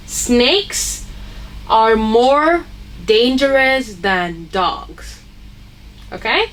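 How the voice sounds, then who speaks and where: A woman's voice: on the high side, a little hiss or hum, poor audio. A woman teaching an English grammar lesson, patiently explaining and checking in with her class after each point. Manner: patient, checks in with "okay?" and "right?".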